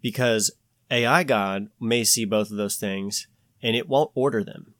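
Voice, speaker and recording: A man hosting a podcast, talking in a rambling, animated way with many restarts. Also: on the low side, a little slow, dry recording, clean studio sound. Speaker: podcast host. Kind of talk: casual podcast chat.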